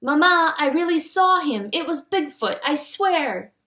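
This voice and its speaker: A woman doing an eager, squeaky little boy. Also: lively intonation, unhurried, bright, forceful tone, roomy sound, full character voice. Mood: pleading. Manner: breathless, eager, high-pitched. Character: excitable little boy, conspiracy-obsessed.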